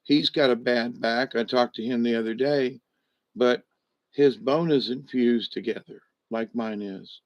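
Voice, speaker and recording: A vlogger recuperating at home speaks at an unhurried pace in a medium-pitched voice, lying in a rest position and mildly wired from steroids. His casual, cheerful update rambles and keeps restarting, captured in a dull, lo-fi, dry recording.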